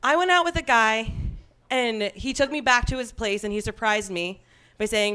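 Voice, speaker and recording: A young stand-up comedian from Long Island works a club crowd with a slightly high voice. She talks in a loose, chatty way, mocks herself and laughs along at her own jokes. She holds a stage mic. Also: normal speed, bright, forceful tone.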